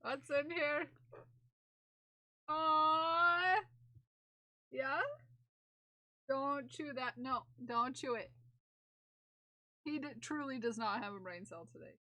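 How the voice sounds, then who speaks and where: Giggly high-voiced young woman streamer. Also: takes it slowly, pauses often, no echo. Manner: giggly, excitable, bursts into laughter and squeals. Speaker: live streamer. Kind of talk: casual chat to viewers and her cat.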